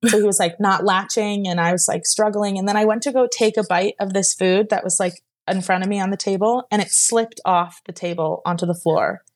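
Here is a young woman on a podcast, sharing a hard personal story in a loose, rambling way that is full of fillers. Her voice is mid-pitched and sits at the usual height for a woman. Now and then she sounds close to tears. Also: fairly even intonation, a little fast, few pauses. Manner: emotional, rambling, many "like" fillers. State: near tears at times. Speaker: guest.

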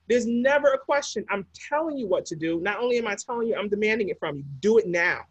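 A woman with a slightly husky, breathy edge talks through relationship patterns on a podcast. She leans into each point and repeats it for emphasis. The sound is close and dry, with no room around her. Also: medium pitch, animated, quick pace, few pauses, no room sound. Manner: emphatic, repeats key phrases for effect. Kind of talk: podcast conversation.

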